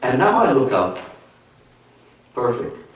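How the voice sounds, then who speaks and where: A man, a musician, telling a true story in an animated way, chuckling and acting out the other people in it. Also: medium pitch, slow pace, highs cut off. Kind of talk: spoken storytelling. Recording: roomy echo, distant mic, faint noise.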